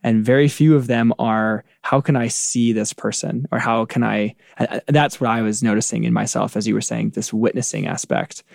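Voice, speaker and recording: Male podcast co-host, reflective and searching, slight fry, dry close mic. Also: mid-range voice, steady tone, moderate pace, few pauses, a little mellow, dry recording. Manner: thoughtful, searching, frequent "like" fillers.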